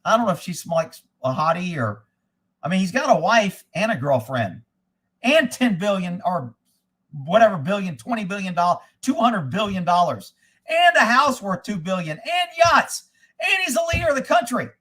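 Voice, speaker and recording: A man with a somewhat higher voice for a man, talking off the cuff as he answers viewer comments. He is blunt and opinionated and swears freely. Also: very animated, moderate pace, a bit bright, breathy edge. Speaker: host reading viewer comments. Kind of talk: casual live commentary.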